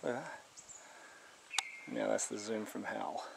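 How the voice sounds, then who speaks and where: A man with an Australian accent, chatting excitedly on a camera as he climbs through the bush. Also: on the low side, a little slow, vocal fry, very noisy. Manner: excited, chatty, calls everyone mate. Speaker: bushwalker filming. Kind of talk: casual outdoor vlog. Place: outdoors in the bush, climbing a hill.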